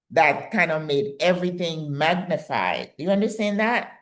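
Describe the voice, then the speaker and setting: Emphatic older woman giving advice. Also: on the low side. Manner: emphatic and direct, coaching tone. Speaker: channel host giving advice. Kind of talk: motivational advice talk.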